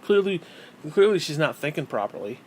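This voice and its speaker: A man's voice: on the high side, very animated, a little fast, a little hiss or hum. Furious, profane man ranting. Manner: hostile, heavily profane. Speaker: vlogger. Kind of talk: angry personal rant.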